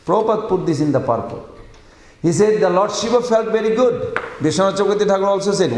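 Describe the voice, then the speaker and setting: A man preaching at a devotional scripture class, questioning the audience and acting out quoted voices with sudden loud outbursts, in non-native English. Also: high-pitched, quick pace, a little hiss or hum. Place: class room. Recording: roomy hall with long echo.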